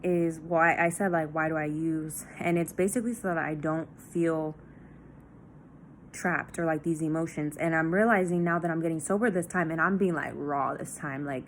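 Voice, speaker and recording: A woman's voice: low voice, steady tone, moderate pace, a little hiss or hum. A young woman talking candidly in a personal diary vlog, raw and confessional, swearing often and full of fillers. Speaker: vlogger.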